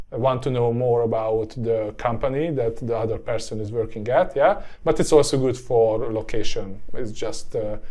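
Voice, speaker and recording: A man with a Hungarian accent, a native Hungarian speaker, teaching a language lesson in a slightly hoarse, tiring voice, often checking in with a rising "yeah?" and filling pauses with "uh". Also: mid-range voice, mellow. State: voice getting hoarse.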